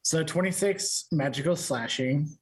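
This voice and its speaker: A man playing a tabletop game, hesitant, pausing as he works out his attack. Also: a little high, breathy edge. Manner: hesitant, counting dice aloud. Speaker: player.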